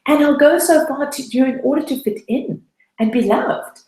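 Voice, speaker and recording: A woman's voice: high-pitched, normal speed, a little mellow. Earnest woman coach, roomy sound. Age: adult, past her late twenties. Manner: earnest, personal storytelling. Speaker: debt-freedom coach. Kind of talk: webinar talk.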